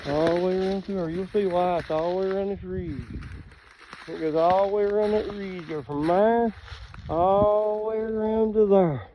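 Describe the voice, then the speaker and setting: A man's voice: high-pitched, fairly even intonation, moderate pace, mellow, a little hiss or hum, rough recording. A man telling rambling, folksy stories to camera outdoors, laughing at his own jokes. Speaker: outdoorsman showing hunting land. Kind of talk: casual storytelling to camera. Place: outdoors on a ridge trail.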